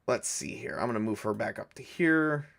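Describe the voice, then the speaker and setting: A man's voice: medium pitch, moderate pace, gravelly, fairly bright tone. A man narrating a solo tabletop game as game master, thinking aloud as he rolls dice. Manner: rambling, thinks aloud while rolling dice.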